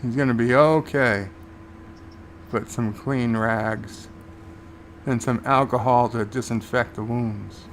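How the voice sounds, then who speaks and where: A man's voice: mid-range voice, fairly even intonation, slow, long pauses, a little hiss or hum. A man hosting a live watch-along, casually recapping scenes and paraphrasing the characters' lines. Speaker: show host and reviewer.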